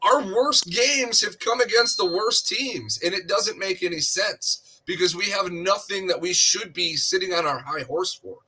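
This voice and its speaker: Very bright-voiced analytical podcast man. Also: sits high, moderate pace, hardly any pauses, slightly rough. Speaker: sports podcast co-host. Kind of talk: casual analytical chat.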